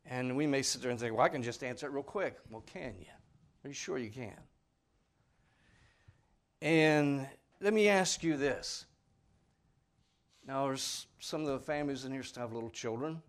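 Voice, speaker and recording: A man's voice: mid-range voice, unhurried, long pauses. A man preaching a sermon in a folksy, earnest, pleading way, speaking plainly to his congregation. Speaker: pastor.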